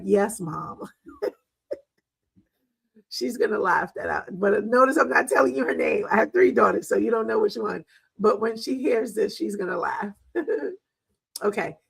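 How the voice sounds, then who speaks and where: Middle-aged woman, wellness talk host, chatty storytelling, gravelly, husky. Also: mid-range voice, rough recording. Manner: chatty, storytelling, laughs often, many fillers. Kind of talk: casual health talk.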